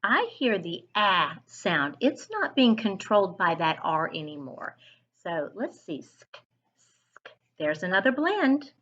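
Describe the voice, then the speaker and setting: A woman's voice: medium pitch, big pitch swings, unhurried, a bit bright, muffled recording. A woman reading teacher leading a phonics lesson for children, sounding out each letter and praising along the way.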